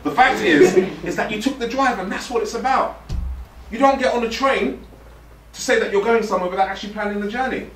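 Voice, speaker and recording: A man's voice: sits high, a little fast, distant mic, background noise. A man, giving a playful, direct motivational talk to a youth forum audience. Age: 40s. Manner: joking, direct and playful, puts on slangy voices. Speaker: motivational speaker. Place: event hall with a live audience. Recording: echoey hall, speaker away from the mic.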